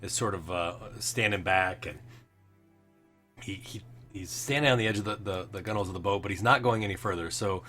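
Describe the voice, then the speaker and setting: A man's voice: deep voice, a little fast, a bit bright. A man narrating as game master, rambling with many fillers. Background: faint background music.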